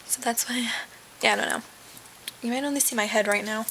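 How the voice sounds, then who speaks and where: A young woman chatting into a webcam from her bed, rambling from one aside to the next with lots of fillers. Her voice sits a bit high, and a faint hiss runs under the recording. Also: steady tone, a little fast, sharp tone, poor audio. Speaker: vlogger. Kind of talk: casual webcam vlog. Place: sitting in bed at home.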